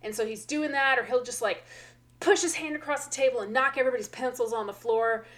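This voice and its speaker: A woman's voice: a little high, quick pace. A woman, a teacher co-hosting a podcast, chatting casually and acting out children's voices as she tells stories. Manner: animated storyteller, acts out kids' voices. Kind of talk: casual chat.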